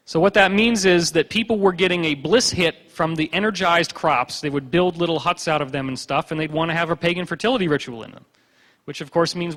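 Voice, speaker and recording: A man's voice: sits high, a bit bright. A man giving a conference lecture with slides, a joking, sarcastic storyteller who acts out the people he quotes. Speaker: conference speaker. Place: conference hall. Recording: long hall reverb.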